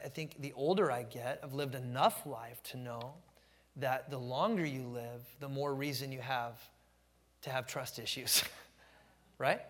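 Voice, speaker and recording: A middle-aged man preaching a sermon as pastor, telling stories with animated energy and slowing down to stress key phrases. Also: medium pitch, in a large hall. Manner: animated storytelling, emphatic, slows down to stress phrases.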